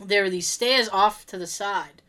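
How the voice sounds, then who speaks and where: A woman co-hosting a podcast, telling a story in a casual, animated way and acting out what people said. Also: mid-range voice, measured pace. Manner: animated, laughing, acts out quotes. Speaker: podcast co-host.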